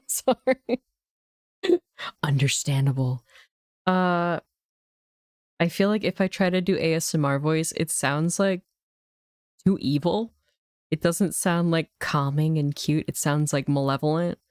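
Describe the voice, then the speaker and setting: Giggly slow-talking woman streamer. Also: fairly low pitch, smooth, dry recording, clean studio sound. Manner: playful, giggly, crude jokes with chat. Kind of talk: live-streamed game playthrough chat. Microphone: streaming desk mic.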